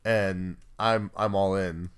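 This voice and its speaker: A man's voice: low-pitched, fairly even intonation, slow, smooth. A man hosting a casual podcast chat, upbeat and chatty with lots of "like" fillers, steering the questions. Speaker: podcast host.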